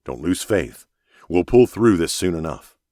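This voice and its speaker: Man doing a steady commanding captain, firm radio calls, really deep. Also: unhurried, no room sound, studio quality. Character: calm, steady male expedition captain. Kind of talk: audiobook character voice.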